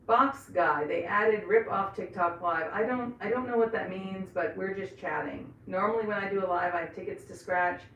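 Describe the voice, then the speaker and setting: A woman's voice: medium pitch, moderate pace, hardly any pauses, a bit bright, highs cut off, slight background noise. A middle-aged woman chatting casually on a livestream, rambling and laughing often as she paints. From Florida. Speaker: livestream host. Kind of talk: casual live chat. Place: indoors in a bathroom. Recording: echoey room, voice from some distance.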